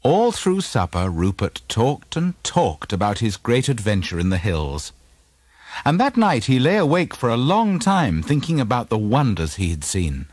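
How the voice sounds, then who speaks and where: A man reads a children's story aloud with a husky voice that rises and falls widely. The recording is close and dry, like a storybook cassette. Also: fairly low pitch, dry recording. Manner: gentle, expressive storytelling. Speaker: narrator. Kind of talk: scripted storybook narration.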